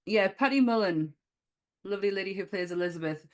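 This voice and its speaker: A woman's voice: mid-range voice, animated, brisk. A woman co-hosting a casual film podcast, chatty, laughing often and swearing freely. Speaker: podcast co-host.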